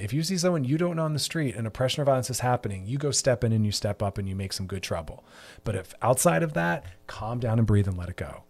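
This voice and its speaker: A man's voice: medium pitch, animated, a little fast. A man hosting a mental health podcast, talking passionately and preachily, with emphatic repetition. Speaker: podcast host.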